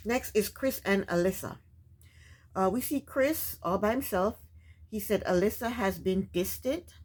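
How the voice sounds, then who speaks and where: A woman's voice: mid-range voice, slightly rough. Woman host, casual recap chatter, blunt and opinionated. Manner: opinionated, chatty, rhetorical asides to the cast.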